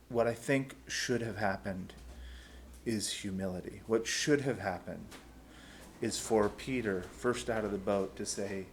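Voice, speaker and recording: A man's voice: fairly low pitch, a little hiss or hum. A man teaching a bible school class in a conversational way, often repeating words as he starts a thought.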